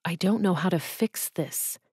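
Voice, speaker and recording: A woman's voice: fairly low pitch, measured pace, a little mellow, slightly rough, no room sound, clean studio sound. A woman voicing a hurt, earnest male boss.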